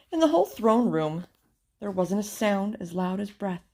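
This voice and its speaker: A woman reading a children's storybook aloud with expressive, theatrical narration. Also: mid-range voice, normal speed. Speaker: storybook reader.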